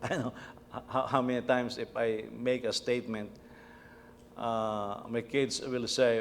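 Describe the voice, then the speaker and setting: A man's voice: medium pitch, little pitch movement, measured pace, slight background noise. A middle-aged male pastor giving a conversational sermon, repeating words as he tells stories about his family. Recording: long reverb of a church hall.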